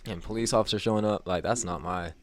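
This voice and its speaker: A man's voice: lowish voice, fast talker, a little hiss or hum. A man co-hosting a podcast, telling a story in casual chat and acting out the people in it. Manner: animated, acts out quoted people with a raised voice. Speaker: podcast co-host.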